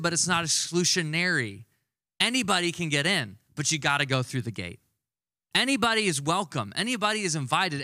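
A man preaching a sermon with a bright, fairly high voice, chatty yet emphatic, stretching out key words for weight. The sound is dry and close, with no room echo. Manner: conversational, emphatic preaching with slowed stressed words. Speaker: pastor.

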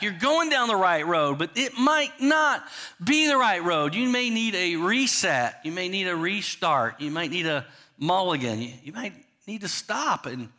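Male pastor, bright and somewhat high, conversational sermon that questions the congregation. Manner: frequent restarts and "you know" asides.

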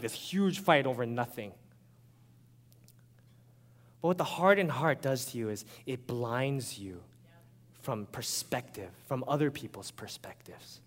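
A man preaching a sermon as a pastor, animated and conversational, often checking in with his listeners. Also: a little high, moderate pace, in a large hall.

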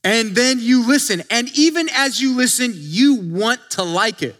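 Guy pastor preaching, high bright voice, chatty, lots of restarts. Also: animated, moderate pace. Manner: conversational, with many restarts and acted-out quotes. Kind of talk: sermon.

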